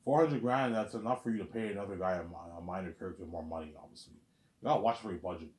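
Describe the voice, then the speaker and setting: Low-voiced man rambling in a roomy space. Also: rapid-fire, a little mellow. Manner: rambling and repetitive, lots of "obviously" and "you know what I'm saying". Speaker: vlogger. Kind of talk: casual rambling monologue. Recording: roomy echo.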